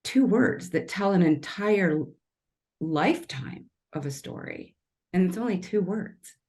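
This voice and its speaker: A woman's voice: on the low side, lively intonation, unhurried, dark tone. Earnest, emotional woman guest. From Kansas City, Missouri. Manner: emotional, earnest, rambling with restarts. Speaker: podcast guest, tree artist and storyteller. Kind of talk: casual podcast interview.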